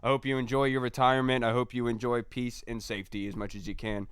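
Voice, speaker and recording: A man's voice: medium pitch, level tone, quick pace, smooth, no echo, clean studio sound. A man hosting a casual sports podcast, chatty and rambling as he wraps up. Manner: chatty, rambling sign-offs. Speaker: podcast host.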